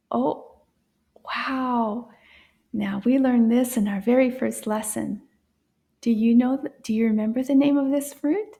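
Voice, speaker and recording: A woman teaching a French lesson for children, cheerful and encouraging, mixing English with French and often dropping into soft whispers. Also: a little high, fairly even intonation, takes it slowly.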